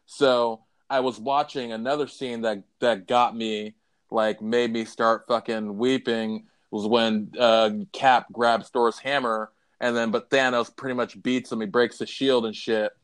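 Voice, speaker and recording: A man's voice: medium pitch, flat delivery, a little slow, smooth. A man co-hosting a casual movie podcast, telling scenes with strong emotion and frequent swearing. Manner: emotional, swears freely, retells scenes with quoted lines. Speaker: podcast co-host. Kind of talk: casual chat.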